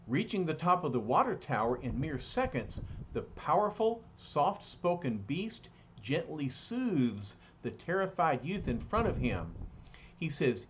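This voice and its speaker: A man reading a comic book aloud in a hesitant way, with fillers and restarts. His pitch rises and falls, and he reads slowly. The recording is a little dull, with faint noise behind him. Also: very animated. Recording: slightly dull, lightly noisy recording.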